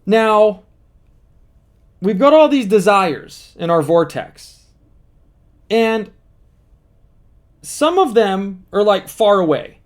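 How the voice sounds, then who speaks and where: Coach type, high male voice, earnest explainer who repeats the key points. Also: very animated, takes it slowly, long pauses. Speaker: manifesting coach. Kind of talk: motivational teaching monologue.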